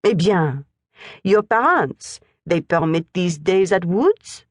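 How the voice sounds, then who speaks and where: A woman voicing a prim middle-aged French governess with a French accent, speaking shrill, formal, halting English. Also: lively intonation, no room sound, studio quality. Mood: wry.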